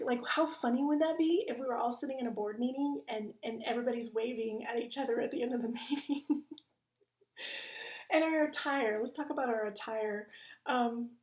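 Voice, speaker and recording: A middle-aged woman does a casual comedy monologue from her home. She is chatty and animated, with a voice on the higher side. Now and then she laughs at her own jokes. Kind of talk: casual stand-up monologue to camera.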